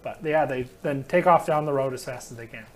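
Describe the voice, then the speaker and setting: A man's voice: medium pitch, brisk. A man narrating as game master in a tabletop game, talking loosely with many fillers.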